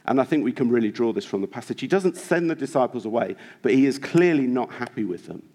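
A man's voice: mid-range voice, expressive, quick pace, darkish tone. A man preaching a sermon in church, earnest and exhorting, with many rhetorical questions. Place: church hall.

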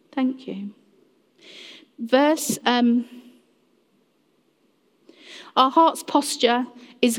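A woman preaching a sermon in earnest, addressing the congregation directly and acting out quoted voices. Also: a little high. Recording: long reverb of a large hall.

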